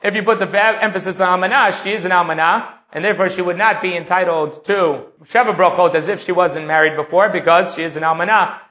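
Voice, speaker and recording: A man's voice: high-pitched, fast, hardly any pauses, sharp tone. A man giving a Talmud lecture, reading Aramaic lines and explaining them in English. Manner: explanatory, reads Aramaic then translates. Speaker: Talmud teacher.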